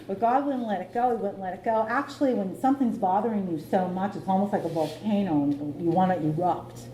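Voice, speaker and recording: A woman's voice: medium pitch, fairly quick, background noise. A middle-aged woman speaking at a recovery meeting, candidly telling her own story and laughing at herself. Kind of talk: personal recovery testimony. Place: meeting room. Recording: echoey meeting room.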